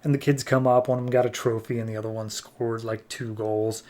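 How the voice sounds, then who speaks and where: Brief: casual male podcast host, mid-pitched, jokey storyteller voice. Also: flat delivery, brisk, a little mellow. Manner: chatty, jokey, acts out scenes. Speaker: comic book podcast host. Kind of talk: casual comic recap.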